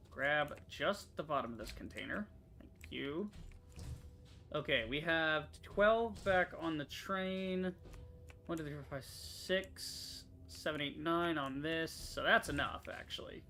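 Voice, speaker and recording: Bright-voiced young man swearing at a game. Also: on the high side, vocal fry. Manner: profane, quick to frustration, muttering to himself. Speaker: gaming streamer. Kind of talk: casual let's-play commentary.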